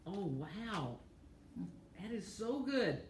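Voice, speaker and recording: A woman's voice: mid-range voice, very animated, takes it slowly, slight background noise. Chatty woman pastor in a roomy kitchen. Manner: chatty and effusive, lots of oohs over food. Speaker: pastor co-hosting a cooking show. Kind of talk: casual chat. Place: home kitchen.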